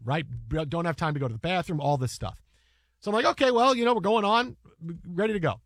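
A man with a fairly high voice tells a story at a rapid clip, stumbling and restarting as he goes. The sound is dry and close. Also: fairly bright tone, no room sound. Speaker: podcast host and broadcaster. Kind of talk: casual storytelling chat.

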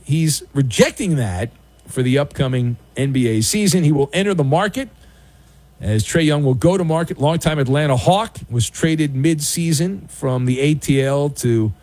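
A middle-aged man hosting a late-night sports talk radio show, riffing sarcastically with jokey, drawn-out emphasis. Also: fairly high pitch, a little mellow.

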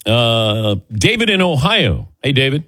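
A man's voice: medium pitch, measured pace, dry recording. A middle-aged man hosting a sports talk radio show, bantering and joking with callers and crew. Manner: jokey, animated banter with callers.

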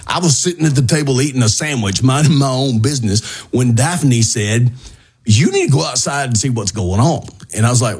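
A middle-aged man hosting a radio show, telling a neighborhood story in a lively, animated way and mimicking shouting neighbors. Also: mid-range voice, a little fast, slightly rough.

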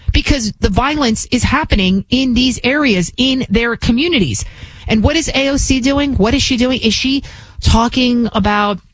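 A woman host gives opinionated political commentary, firing off rhetorical questions and restarting her sentences often. Her pitch jumps up and down with energy. The sound is dry and close, with no room to it. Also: no echo. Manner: animated, fires rhetorical questions, frequent restarts.

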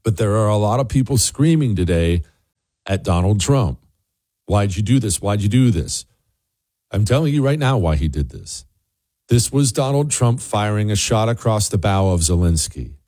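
A man's voice: fairly low pitch, normal speed, no echo. Host type: middle-aged man, emphatic opinion monologue, dry close sound. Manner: emphatic, animated, repeats for effect. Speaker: political commentary host.

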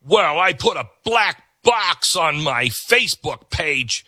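A host mocking a smug man pleased with himself over a token online post. The voice is lifted high and self-satisfied. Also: big pitch swings, takes it slowly, bright, forceful tone, no room sound, studio quality, exaggerated voice.

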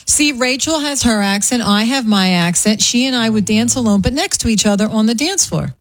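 A woman's voice: on the high side, lively intonation, moderate pace, no echo. A woman co-hosting a talk radio show, bantering playfully and teasing.

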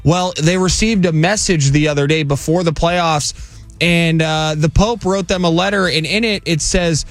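A man's voice: fairly high pitch, no room sound. A man in his twenties co-hosting a sports radio show, joking and rattling off stats. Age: 20s. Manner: quick, jokey, rattles off stats. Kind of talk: casual sports radio banter. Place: radio studio. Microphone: studio mic.

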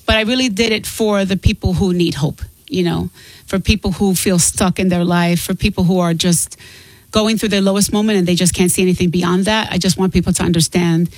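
A woman guest author talking candidly and earnestly in an interview, open and quick to laugh. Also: fairly low pitch, steady tone, no room sound, low-quality recording.

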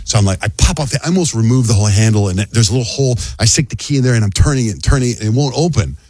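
A middle-aged man hosting a radio show, telling a story in a casual, animated way and acting out sounds and quotes. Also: medium pitch, racing, husky, no echo. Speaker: radio host.

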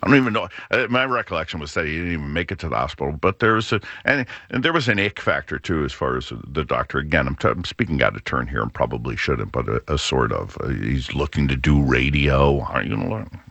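A man's voice: a bass voice, animated, fast, vocal fry, fairly bright tone, dry recording. A middle-aged man hosting a radio talk show, rambling casually with frequent restarts.

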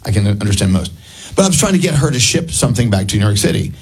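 A man's voice: fairly low pitch, big pitch swings, rapid-fire, slightly rough. An American man hosting a radio show, telling stories and joking with a guest. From United States. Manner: storytelling, joking. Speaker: radio host. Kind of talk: casual radio chat.

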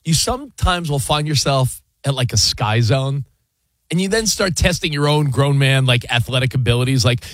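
In a radio studio, a man co-hosting a sports radio show rambles through casual, animated banter loaded with fillers and sound effects. His mid-range voice moves at a normal speed and is picked up on a studio mic with no echo.

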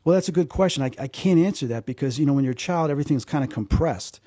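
Mellow, husky man telling a story. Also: a little high, fast talker, dry recording, studio quality. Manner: animated, repeats words, acts out quoted voices. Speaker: guest. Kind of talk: casual storytelling in a conversation.

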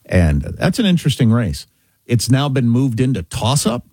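Husky, lively man telling a story. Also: medium pitch, normal speed, dry recording. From Kansas, USA. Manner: animated, chatty storyteller. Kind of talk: casual talk-show storytelling.

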